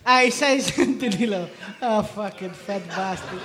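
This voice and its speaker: A man co-hosting a podcast, excitable and stammering in casual banter. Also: high voice, a little slow. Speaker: podcast co-host.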